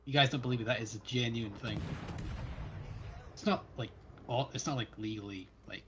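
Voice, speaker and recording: A man's voice: medium pitch, normal speed, lo-fi sound, noisy background. A Scottish man chatting casually as a fellow player on a gaming livestream, playfully opinionated. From Scotland.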